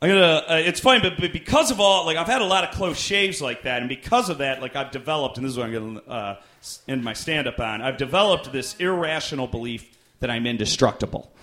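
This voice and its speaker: A man's voice: mid-range voice, fast talker, bright, forceful tone. A man doing stand-up, telling a long story in a rambling, self-deprecating way. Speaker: stand-up comedian.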